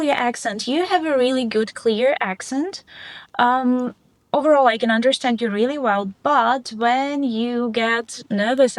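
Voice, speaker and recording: Woman examiner, higher voice, upbeat feedback, dry sound. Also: no room sound. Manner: encouraging, frequent laughs, quick bursts. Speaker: IELTS speaking examiner. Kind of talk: mock exam feedback.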